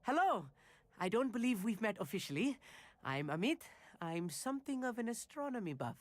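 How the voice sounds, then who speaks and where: A man's voice: sits high, sing-song, moderate pace. A man voicing an eager, boastful young male student who loves astronomy, in a video game.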